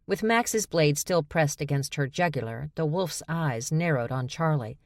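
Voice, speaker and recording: A woman's voice: low-pitched, animated, a little slow, few pauses, no room sound. A woman narrating an audiobook with wry, dry storytelling. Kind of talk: scripted narration.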